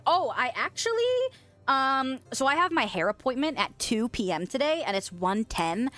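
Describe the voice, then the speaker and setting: Young woman, fairly high voice, casual chat, giggly, reads chat aloud, mouth full of peanut butter, faint music behind. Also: fairly bright tone. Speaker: streamer reading chat.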